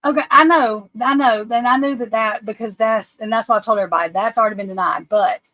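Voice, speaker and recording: Lady on a livestream, kinda high voice, nervous and stumbling over her words. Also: a bit bright, no echo, poor audio. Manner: anxious, flustered, halting restarts. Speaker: livestream host. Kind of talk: casual livestream chat.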